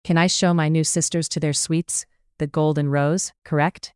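An audiobook narrator voicing a lively, mischievous young woman who talks eagerly and playfully. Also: mid-range voice, moderate pace, clean tone, close to an everyday voice. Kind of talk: audiobook character voice.

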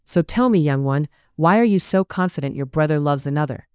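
A narrator voicing a jovial, teasing young gentleman cousin in a read-aloud story, with a smooth voice. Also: medium pitch, lively intonation, brisk, dry recording, clean studio sound, close to an everyday voice. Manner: mocking, playful. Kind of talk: audiobook character reading.

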